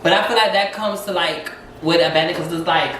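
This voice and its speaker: Man, open and animated storyteller, slightly high, bright voice, echoey room, mic far off. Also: fast talker, slight background noise. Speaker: co-host. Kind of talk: casual chat. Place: home kitchen.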